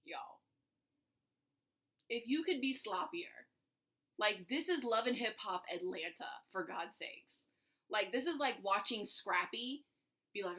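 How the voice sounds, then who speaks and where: Woman ranting storytime style, sarcastic, slangy, jumps loud then drops to a whisper. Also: mid-range voice, animated, takes it slowly, pauses often. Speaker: vlogger. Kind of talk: casual storytime vlog.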